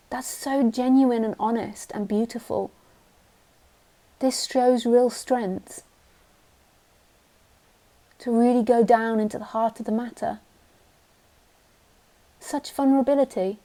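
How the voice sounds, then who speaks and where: Blunt woman teacher, mellow voice. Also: a little high, fairly even intonation, a little slow, pauses often. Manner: blunt, direct, mocks the mind with silly voices. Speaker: spiritual teacher. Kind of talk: live spiritual talk.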